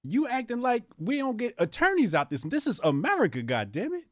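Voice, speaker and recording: A man's voice: high voice, huge pitch swings, fairly quick, hardly any pauses, no room sound, clean studio sound. A man co-hosting a comedic podcast, defending himself with playful trash talk and frequent laughs. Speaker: co-host.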